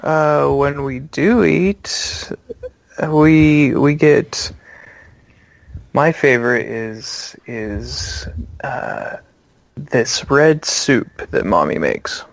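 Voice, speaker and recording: A man's voice: medium pitch, animated, drawn-out words, creaky, dry recording, full character voice. A man voicing an eerie little girl who talks sweetly and oddly. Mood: innocent.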